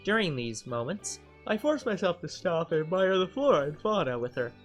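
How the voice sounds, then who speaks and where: Fairly quick and fairly high-pitched, a man reads a visual novel aloud on his game channel over faint music. His let's play narration is animated and jokey, with banter between lines and bursts of laughter.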